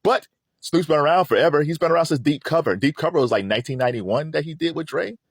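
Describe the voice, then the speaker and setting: A middle-aged man hosting a casual pop-culture commentary, animated and rambling, laughing often. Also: a little high, fast, slightly rough, dry recording, clean studio sound. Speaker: host.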